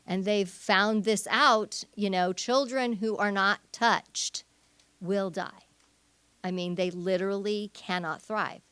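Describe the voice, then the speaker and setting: A woman's voice: mid-range voice, fairly even intonation, slow pace, a bit bright, clear, resonant tone, no room sound. A woman giving a conversational teaching talk at a church, with frequent fillers and restarts. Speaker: church speaker.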